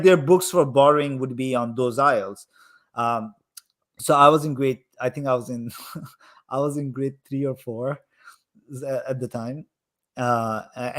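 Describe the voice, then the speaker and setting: A young man in his own voice, the guest on a live chat, telling stories animatedly and leaning heavily on "like" as a filler. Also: mid-range voice. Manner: animated, heavy use of "like" fillers. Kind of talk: casual storytelling in a live chat.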